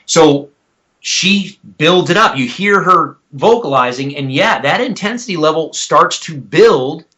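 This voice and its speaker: A man's voice: fairly high pitch, lively intonation, a little slow, sharp tone. A man, a guest expert on a podcast, explaining things in a methodical, teacherly way. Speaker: guest expert on elk calls. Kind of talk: explanatory interview talk.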